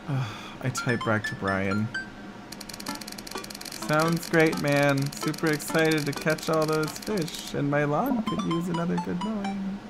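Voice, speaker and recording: A young man reading a dating game aloud and commenting in a casual, profane, joking way. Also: on the high side. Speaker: gaming YouTuber.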